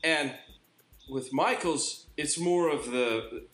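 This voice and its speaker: A man's voice: fairly high pitch, slow. A middle-aged man co-hosting a podcast, telling stories in casual chat and laughing often. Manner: animated storyteller, laughs often. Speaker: podcast co-host. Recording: roomy echo, faint background noise.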